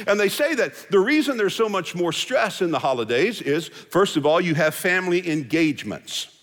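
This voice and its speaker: A man's voice: sits high, a little fast, hardly any pauses. A man giving a sermon as pastor, folksy and joking. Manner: folksy, joking, animated delivery. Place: large hall with musicians. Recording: hall reverb from live service.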